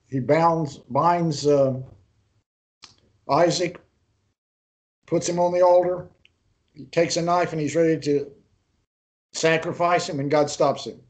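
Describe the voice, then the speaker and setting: A man teaching an online Bible interpretation class, retelling a story unhurriedly with pauses and restarts, and putting questions to his students. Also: fairly high pitch.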